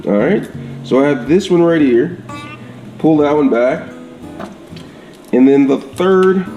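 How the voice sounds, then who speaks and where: A man talks through a home cooking demo in a relaxed, easygoing way, his voice mellow and warm. The kitchen sounds roomy and echoey, with soft guitar music faintly behind him. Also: fairly high pitch. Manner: chatty, repeats "all right?" and "absolute goodness". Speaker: home cook. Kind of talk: casual cooking demonstration.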